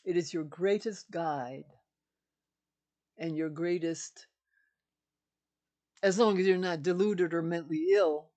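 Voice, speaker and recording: A woman's voice: fairly low pitch, slow, long pauses, a little mellow. An older woman, a spiritual teacher, giving an emphatic, repetitive teaching monologue.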